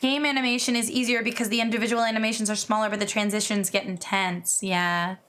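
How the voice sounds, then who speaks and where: A woman streamer chatting casually as she reacts to videos, excitable and gushing, swearing freely. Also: mid-range voice, fast, a little hiss or hum. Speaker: VTuber streamer.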